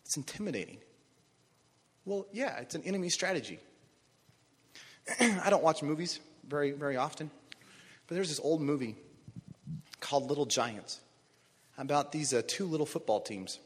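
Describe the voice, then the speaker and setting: Lively high-voiced guy preaching, bit husky, big echoey church hall. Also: normal speed, pauses often. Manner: animated storytelling, rises to shouts on key phrases. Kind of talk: sermon. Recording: long reverb of a large hall.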